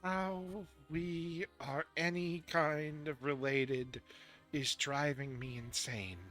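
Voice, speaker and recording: A man's voice: fairly high pitch, fairly even intonation, slow pace, bright, forceful tone, soft background music. A man doing an exasperated female dragon. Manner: exasperated, frazzled, stammering.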